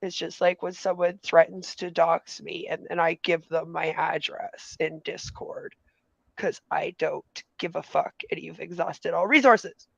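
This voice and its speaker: A woman with a gravelly, creaky voice rants furiously in an online commentary stream, swearing at every turn and mimicking her critics. The sound is dull and lo-fi, close and completely dry. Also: on the low side, fairly even intonation, measured pace, no room sound. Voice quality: heavy swearing, mocking impressions of critics. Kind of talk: angry ranting commentary.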